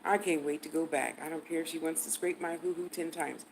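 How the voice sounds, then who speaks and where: A woman's voice: deep voice, steady tone, fairly quick, creaky, a little hiss or hum, poor audio. Blunt, cursing older woman telling a story. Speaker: vlogger. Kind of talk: profane storytelling.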